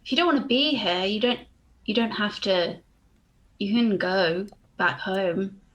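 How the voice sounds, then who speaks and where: A woman playing a tabletop role-playing game, speaking in halting, trailing phrases. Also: mid-range voice, dull audio. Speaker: player.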